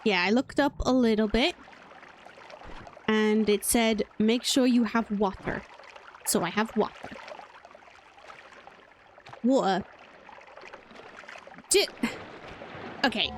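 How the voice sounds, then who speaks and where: A woman's voice: a little high, slow, pauses often, a little hiss or hum. A woman from Wales with a British accent, chatting playfully and rambling through live gameplay commentary as a streamer. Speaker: game streamer.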